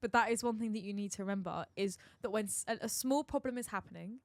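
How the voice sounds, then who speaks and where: A woman's voice: medium pitch, fast talker, dry recording. A young woman co-hosting a podcast, chatty and emphatic as she tells stories and gives advice. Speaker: podcast co-host. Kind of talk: casual chat.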